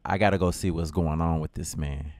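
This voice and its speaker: A man's voice: extremely low pitch, steady tone, brisk, darkish tone, dry recording, clean studio sound. A man with a Chicago accent narrating a comedic first-person story with lots of slang and drama. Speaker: storyteller in a skit video.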